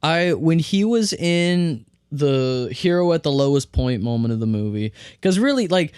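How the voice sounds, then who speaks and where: A man talks through a film he enjoyed in a casual podcast chat, stumbling over his words as he restarts and keeps circling back. His voice is smooth and resonant. It sounds dry and close, with no room around it. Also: fairly high pitch, animated, unhurried, darkish tone, no echo. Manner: enthusiastic, repeats words when restarting. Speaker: podcast co-host.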